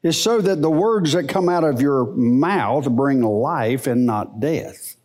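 A middle-aged man teaching the Bible in a church service, in a folksy, unhurried preaching manner. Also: mid-range voice. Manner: slow, animated, folksy preaching.

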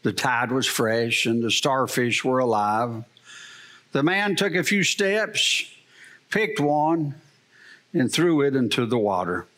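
A man's voice: medium pitch, big pitch swings, slow pace, a bit bright. A middle-aged male pastor preaching a sermon, telling a story and asking the congregation rhetorical questions.

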